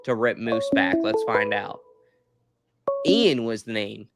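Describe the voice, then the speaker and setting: A man's voice: on the low side, expressive, slow, loud music behind the voice. A man hosting a live sports postgame show, upbeat and friendly with callers. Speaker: podcast host.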